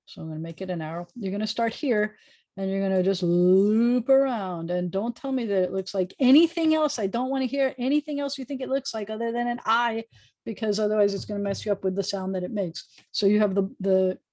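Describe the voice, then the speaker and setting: A woman's voice: mid-range voice, a little fast, darkish tone, no room sound. An American woman rabbi leads a beginner Hebrew lesson over a video call. She is patient and chatty, repeating sounds aloud for her students. Her voice sits in a middle register and comes through dry and close on a desk microphone. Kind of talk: online language lesson.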